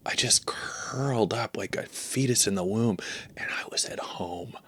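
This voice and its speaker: A man voicing a tiny male landlord who confides in a low, half-whispered hush during a comedy podcast bit. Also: a little slow, husky. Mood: creepy confiding.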